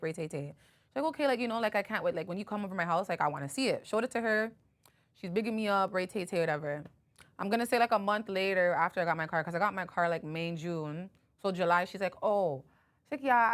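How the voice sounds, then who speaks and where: A woman hosting a podcast, telling a story in casual chat, full of "like" and acting out both sides of a phone conversation. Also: medium pitch. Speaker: podcast host.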